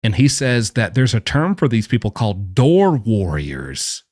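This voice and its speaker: Animated, blunt man ranting. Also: fairly low pitch, unhurried, dry recording, studio quality. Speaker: commentator who says he knows prison. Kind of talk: opinionated reaction commentary.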